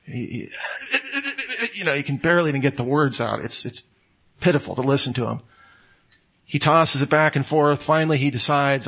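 Male preacher, slightly high voice; casual storytelling sermon delivery. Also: moderate pace. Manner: conversational, storytelling, animated asides.

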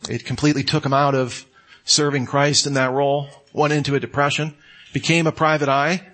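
A man's voice: a little high, brisk. Conversational man preaching a sermon. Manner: conversational, storytelling, animated asides.

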